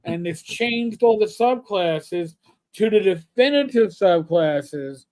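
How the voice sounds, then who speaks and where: A man's voice: high voice, expressive, slow pace, a little mellow. A middle-aged man co-hosting a casual gaming livestream, reading quotes aloud with wry asides. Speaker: podcast co-host.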